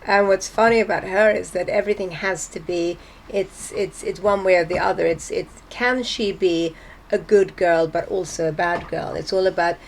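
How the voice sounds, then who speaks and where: A woman's voice: on the low side, steady tone, moderate pace, a little hiss or hum. A woman psychotherapist speaking as a podcast guest in a reflective way, often repeating words as she thinks. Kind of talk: casual chat.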